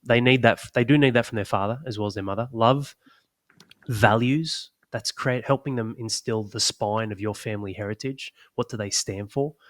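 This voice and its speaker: A man's voice: lowish voice, moderate pace, dry recording, studio quality. A man co-hosting a podcast, speaking earnestly and reflectively in casual chat. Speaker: podcast co-host.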